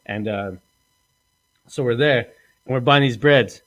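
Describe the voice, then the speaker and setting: A man hosts a loose, crude comedy podcast. He rambles from story to story and swears often. He puts on animated voices when he quotes people. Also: mid-range voice, unhurried, long pauses. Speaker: podcast host. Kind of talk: casual crude comedy chat.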